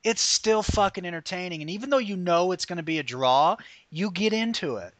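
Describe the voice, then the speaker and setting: A man hosting a podcast, ranting in a profane, animated, opinionated way. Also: high voice, fairly quick, no room sound. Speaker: podcast host. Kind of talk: casual podcast rant about wrestling.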